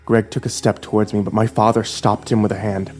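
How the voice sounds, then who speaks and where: A man narrating a first-person horror story in a low, subdued storytelling voice. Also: level tone, fairly quick, darkish tone, soft background music.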